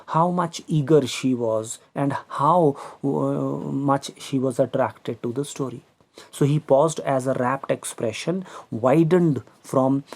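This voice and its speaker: A man's voice: mid-range voice, mellow. A man teaching a literature lesson. He reads story passages aloud and then explains them phrase by phrase, with fillers.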